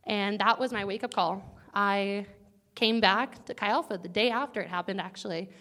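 Young woman, earnest chatty testimony, sometimes near tears, mid-pitched voice. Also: normal speed, a bit bright. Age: young adult. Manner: earnest, casual, chatty with many likes and guys. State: close to tears at times. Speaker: student sharing a testimony. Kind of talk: personal testimony to a campus group.

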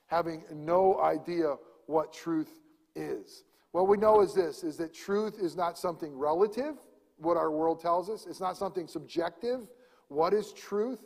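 A man preaching a sermon, swinging from loud emphasis to hushed near-whispers. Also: sits high, a little slow, creaky, in a large hall. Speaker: pastor.

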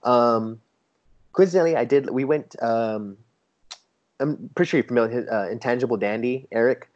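A man chatting casually as a guest, an enthusiastic storyteller who acts out what others said in a lively, raised voice. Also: mid-range voice, moderate pace. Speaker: toy photographer guest. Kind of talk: casual chat. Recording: dull lo-fi sound.

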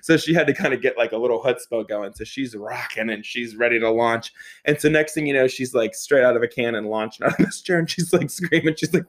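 A young man telling a comic personal story, animated, laughing often, swearing and making quick asides. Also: mid-range voice.

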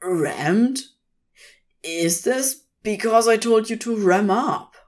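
A woman voicing an irritable, brash male demon with loud, exasperated outbursts. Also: a little high, slow, voice pushed up. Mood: dismayed.

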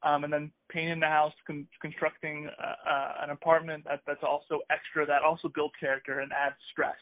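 A man's voice: on the high side, little pitch movement, fairly quick, no echo. A man co-hosting a podcast, chatting in a hesitant, upbeat way full of restarts. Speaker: podcast co-host. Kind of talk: casual conversational chat. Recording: tinny phone-like sound, dry.

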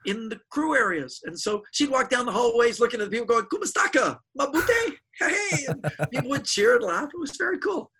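A middle-aged man, a magician guest in an interview, telling animated stories and acting out the voices of people he quotes. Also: very high-pitched, fast talker, hardly any pauses, breathy edge, low-quality recording. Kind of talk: casual storytelling interview.

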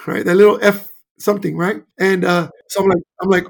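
Mexican-born coach as guest, high male voice, animated storyteller. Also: quick pace, creaky, low-quality recording. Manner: animated storyteller, acts out quotes. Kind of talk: casual storytelling interview.

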